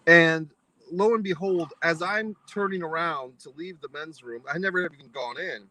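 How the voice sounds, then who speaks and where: A man tells a story to his vlog audience in a bright, forceful voice pitched a little high, swearing freely and sounding exasperated. He turns the small story into mock-serious life lessons. The sound is close and dry. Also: normal speed, no room sound, low-quality recording. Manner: foul-mouthed, exasperated, mock-philosophical. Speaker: vlogger. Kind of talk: profane ranting anecdote to camera.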